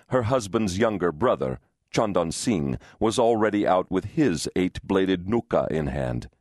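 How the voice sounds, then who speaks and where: Deep-voiced male audiobook narrator. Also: dry recording, clean studio sound. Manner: measured, expressive storytelling. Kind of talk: scripted narration. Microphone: studio microphone.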